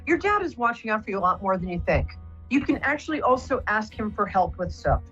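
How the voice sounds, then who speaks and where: A woman's voice: mid-range voice, big pitch swings, fairly quick, fairly bright tone, breathy edge, highs cut off, soft background music. A woman hosting a live psychic call-in show, talking soothingly and rambling with many fillers. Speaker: psychic radio host.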